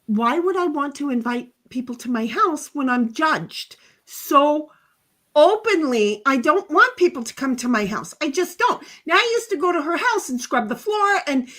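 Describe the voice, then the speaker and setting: A woman's voice: sits high, big pitch swings, normal speed, fairly bright tone. A woman hosting a casual livestream, chatting in a rambling way, laughing often and reading out the live chat. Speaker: livestream host.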